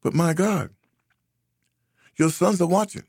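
A man's voice: on the high side, expressive, moderate pace, creaky, breathy edge, no room sound, studio quality. A man from the United States giving a preachy, emphatic commentary monologue, repeating phrases for effect. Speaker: social commentator.

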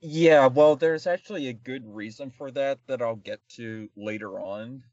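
A man's voice: medium pitch, moderate pace, a little mellow, dry recording, dull audio. A man co-hosting a casual comedic film review podcast, rambling and sarcastic with lots of fillers. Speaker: podcast co-host.

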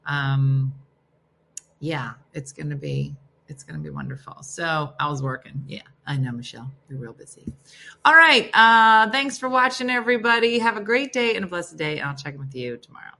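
A woman hosting a casual morning livestream, reading viewer comments and riffing on them. Her voice sits on the low side, with a bright, forceful tone. She sounds chatty and self-deprecating and laughs often. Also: animated, moderate pace, vocal fry. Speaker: livestream host.

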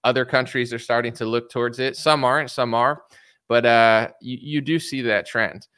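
A man's voice: medium pitch, steady tone, moderate pace, fairly bright tone, clean tone, dry recording, studio quality. A man commenting in an opinionated, rambling vlog style, often adding filler words and mocking the voices of media and politicians. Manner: rambling, opinionated, frequent "like" and "you know".

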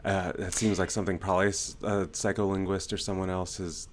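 A man's voice: low voice, little pitch movement, brisk, slight background noise. A man from New Jersey chatting casually as a podcast co-host, rambling with many fillers and restarts. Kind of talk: casual chat.

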